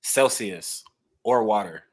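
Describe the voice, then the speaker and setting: A young man co-hosting a sports podcast in a laid-back, measured way, with frequent ums. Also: on the low side. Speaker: sports reporter, podcast co-host. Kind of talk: casual sports podcast chat.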